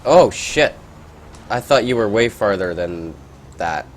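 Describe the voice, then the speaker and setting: A man giving casual, rambling gameplay commentary, reacting out loud and swearing at surprises. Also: lowish voice, animated, slow pace.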